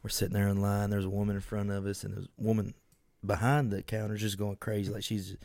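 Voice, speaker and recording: A man's voice: fairly low pitch, quick pace, no room sound, studio quality. A man, co-hosting a podcast and telling a story with lots of swearing. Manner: profane, animated storyteller. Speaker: podcast co-host. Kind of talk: casual storytelling chat.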